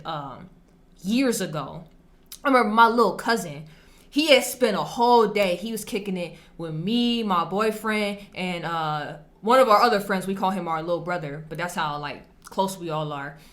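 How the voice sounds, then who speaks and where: A woman's voice: medium pitch, a bit bright. A young adult woman telling a story and reacting to posts in a casual, slangy and emphatic way. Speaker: vlogger reacting to online posts.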